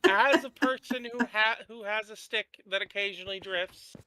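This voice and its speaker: A co-player in casual gaming chat, teasing with playful, deadpan remarks. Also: mid-range voice, normal speed, low-quality recording.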